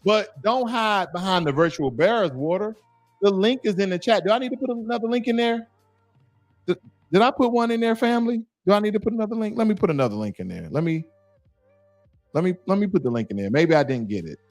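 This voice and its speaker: This livestream host's voice sits high and sounds expressive and brisk, with faint music behind and no echo. He reads chat comments aloud, tauntingly calling one commenter in to join the call over and over.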